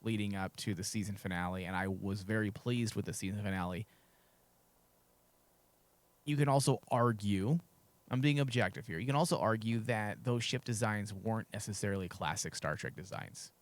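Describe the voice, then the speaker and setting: Lower-voiced man, frank podcast co-host. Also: moderate pace. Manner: frank, opinionated, with crude jokes. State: losing his voice. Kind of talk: casual podcast discussion.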